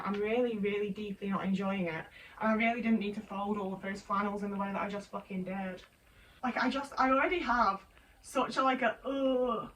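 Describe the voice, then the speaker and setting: A woman in her twenties rambles through a casual, sweary vent while folding laundry at home. Her voice sits at an ordinary middle pitch for a woman. She is set back from the microphone, with a faint hiss underneath. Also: fairly bright tone, recorded from a distance, rough recording. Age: 20s. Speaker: vlogger. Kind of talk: casual venting chat.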